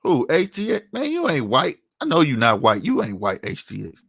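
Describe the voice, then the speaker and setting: A man's voice: mid-range voice, wildly swooping pitch, moderate pace, creaky, a bit bright, breathy edge, no echo, clean studio sound. A man giving a heated commentary rant, angry and profane, often tossing in "you know what I'm saying". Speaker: online commentator.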